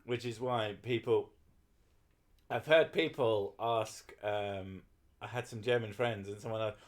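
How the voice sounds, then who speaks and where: A tipsy man streaming, chatting in a silly, laughing way and doing deadpan mock readings. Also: fairly low pitch, a little slow. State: a bit drunk. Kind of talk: tipsy casual stream chat.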